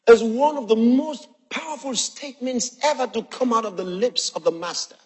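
A man preaching a sermon, quoting scripture slowly and with emphasis between long pauses. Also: very high-pitched, darkish tone, breathy edge. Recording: long reverb of a large hall.

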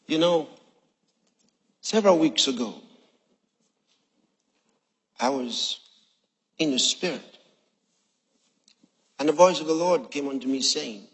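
A man preaching a sermon, quoting scripture slowly and with emphasis between long pauses. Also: on the high side, lively intonation, fairly bright tone, breathy edge. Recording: long reverb of a large hall.

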